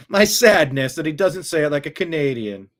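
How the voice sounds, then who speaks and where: Animated joking male commentary host. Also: a little high, normal speed. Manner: animated, jokey, mimics voices, reads viewer comments. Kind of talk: casual political commentary.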